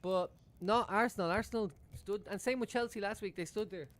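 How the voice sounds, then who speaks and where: A man's voice: sits high, fairly quick, a bit bright, slight background noise. Chatty man streaming a match. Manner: chatty, swears freely, laughs often. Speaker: football streamer. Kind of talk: live match watchalong chat. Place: room at home.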